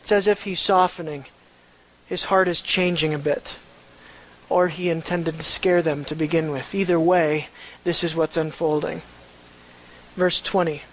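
Animated high-voiced male preacher. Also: a little slow, rough recording. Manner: animated, conversational, full of rhetorical questions. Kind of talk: verse-by-verse Bible teaching.

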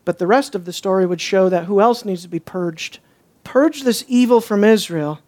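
During an expository sermon, a man with a high voice speaks at normal speed, asking rhetorical questions. He shifts between a near-whisper and strong emphasis, adopting a sarcastic edge when he imitates people.

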